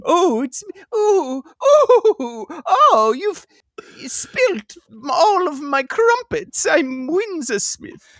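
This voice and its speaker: A man putting on a shrill, hammy posh Englishman. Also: sing-song, extremely slow, fairly bright tone, dry recording, studio quality, exaggerated voice. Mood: flustered. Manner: hammy, exaggerated.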